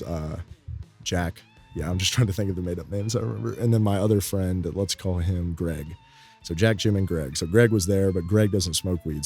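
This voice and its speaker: A man's voice: deep voice, darkish tone. A young man telling a story in a rambling, laid-back way, full of fillers. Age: young adult. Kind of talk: casual storytime.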